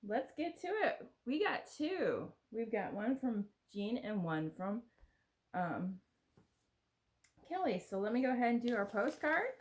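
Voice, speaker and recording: Gushing woman vlogger, lively pitch. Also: measured pace. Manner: gushing, exclamatory, chatty. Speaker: vlogger opening summer gifts. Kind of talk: casual chat to camera.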